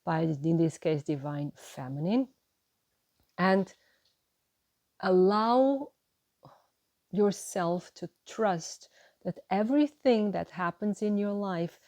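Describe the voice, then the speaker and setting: A woman giving a gentle, encouraging tarot reading to her viewers, often checking in with "right?" and "you know". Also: on the low side, expressive, slow, pauses often, no echo. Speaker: tarot reader.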